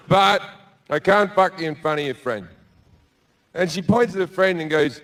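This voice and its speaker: A man doing crude, deadpan stand-up storytelling on stage with a handheld mic. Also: a little high, normal speed, slight background noise. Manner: crude, deadpan storytelling with sudden loud bursts. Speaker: stand-up comedian. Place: stage before a live audience.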